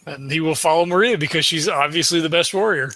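Male player, bright and fairly high voice, loose chatty delivery. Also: quick pace, no room sound. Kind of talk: casual tabletop play.

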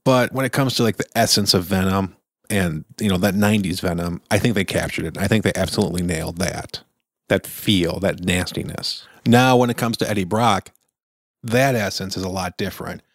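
Chatty man with a low, dry voice. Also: a little fast, no echo. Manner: chatty, enthusiastic, opinionated. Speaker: podcast host. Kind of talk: casual film review.

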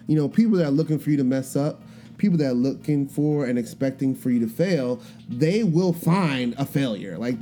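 Podcast host, male, relaxed warm tone, animated retelling over faint guitar music. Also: mid-range voice. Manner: animated storytelling, acting out quoted voices. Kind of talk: casual monologue.

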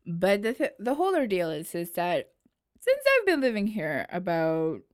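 A chatty American woman co-hosting a casual talk show, her voice lively and swinging through a wide pitch range. The sound is close and dry, with no room echo. She talks in quick, easy conversational runs. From United States. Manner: chatty, animated, playfully imitates accents. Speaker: podcast co-host.

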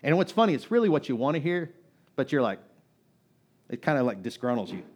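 A male pastor delivering a sermon in a church. He talks in an easy, everyday way and leans hard on his key points. His voice sits at a middle pitch for a man. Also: big pitch swings, a little fast, darkish tone. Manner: conversational, emphatic, rising to exhortation.

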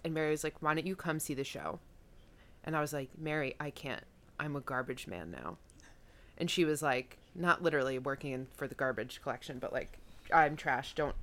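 A woman's voice: low voice, a bit bright. A woman hosting a podcast, chatting casually and joking as she paints a scene. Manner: joking, playful scene-setting. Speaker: podcast host. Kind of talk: casual chat.

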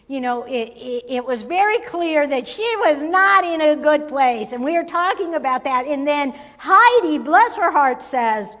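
A woman pastor preaching a sermon, moving between strong emphasis and hushed, near-whispered asides. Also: sits high, animated, a little slow, few pauses. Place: church sanctuary. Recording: long hall reverb.

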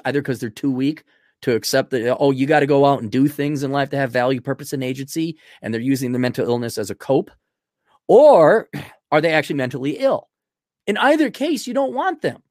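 A man hosting a podcast, reading out donor messages and answering them in blunt, crude, rambling talk that swings from loud outbursts to low muttering. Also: animated, fairly quick, no echo, studio quality. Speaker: podcast host. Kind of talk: livestream donation reading.

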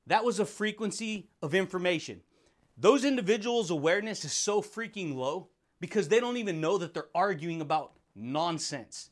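Male podcast host, high voice, energetic, slangy, motivational monologue, quick voices for quoted people.

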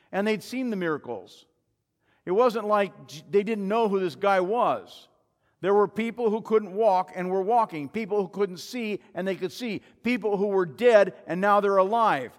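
A high-voiced male pastor delivers a dramatic sermon, acting out crowd voices and pressing his listeners with rhetorical questions. His voice carries a long echo through a church sanctuary.

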